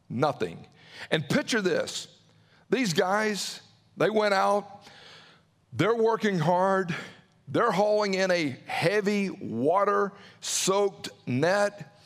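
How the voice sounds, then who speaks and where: High-voiced man preaching a sermon. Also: big-room sound. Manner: preaching with acted-out quotes and dramatic pauses. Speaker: pastor.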